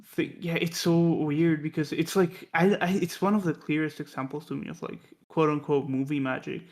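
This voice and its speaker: A man's voice: a little high, steady tone, moderate pace. A man co-hosting a casual film discussion podcast, telling production stories in a chatty way with many restarts and fillers. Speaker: podcast co-host.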